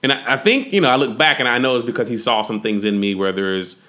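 A man in casual conversation, talking reflectively about family and fatherhood, often halting and restarting. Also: medium pitch, sharp tone.

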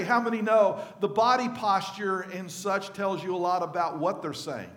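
A man's voice: high-pitched, fairly bright tone, roomy sound. A male pastor giving a conversational sermon to his congregation, often asking them questions. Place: church sanctuary.

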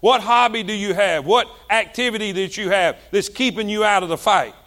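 A male pastor, preaching a sermon with passion, repeating himself and swinging between loud and soft. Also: high-pitched, brisk.

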